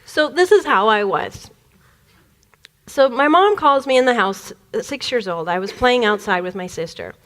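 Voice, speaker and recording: Laughing often and acting out the voices, a Detroit-area woman who is a spiritual speaker tells an animated personal story from her childhood. Her voice is mid-range and her pace moderate; she's from the Detroit area, USA.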